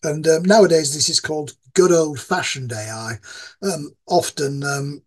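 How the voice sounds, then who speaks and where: A man from Yorkshire with a Yorkshire accent, a professor talking as a guest, pausing often with ums. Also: a little high, low-quality recording. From Yorkshire, England. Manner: thoughtful, many ums and restarts. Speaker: guest, game design professor. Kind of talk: casual interview chat.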